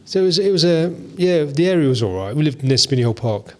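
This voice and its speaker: Fast-talking middle-aged Leicester man. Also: on the high side, lively intonation, darkish tone. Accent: Leicester English. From England. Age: 50s. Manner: rambling, storytelling, loose slang. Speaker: podcast guest. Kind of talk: casual chat.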